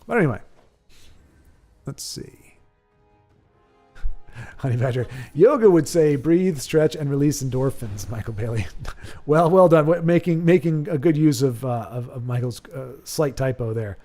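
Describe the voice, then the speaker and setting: A man's voice: medium pitch, lively intonation, measured pace, long pauses, a little mellow, faint music behind. A man hosting a live stream, joking, rambling, and reading chat aloud.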